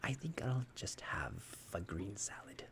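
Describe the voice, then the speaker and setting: A man's voice: medium pitch, huge pitch swings, moderate pace, creaky, noisy background, pitched above the performer's own voice. A man voicing a squeamish, easily horrified man with prim, aghast protests.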